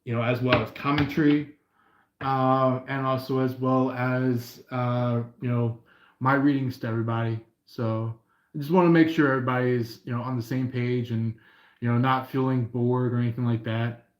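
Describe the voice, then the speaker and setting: A man's voice: medium pitch, flat delivery, moderate pace, reverberant. A man hosting a live tarot reading stream, talking in a meandering way, full of fillers and restarts. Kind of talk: rambling live-stream chat.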